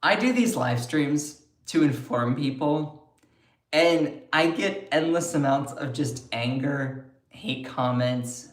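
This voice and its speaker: A chatty, sarcastic man hosts a livestream, commenting on politics and answering his chat. He speaks at an unhurried pace in a voice of middle pitch, and the room around him is noticeably echoey.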